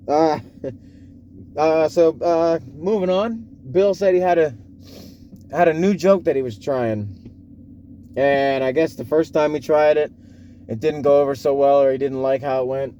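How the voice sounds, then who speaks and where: A man's voice: fairly high pitch, unhurried, pauses often, dark tone, dull audio, a little hiss or hum. A man from Florida casually rambling on his own podcast, full of fillers, restarts, swearing and laughs. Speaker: podcast reaction host. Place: home in a snowy northern area.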